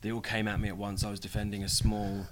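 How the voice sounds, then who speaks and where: Joking young British man, low voice. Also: fast talker, background noise. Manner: joking, playful, deadpan asides. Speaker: wrestler guest. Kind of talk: casual interview chat.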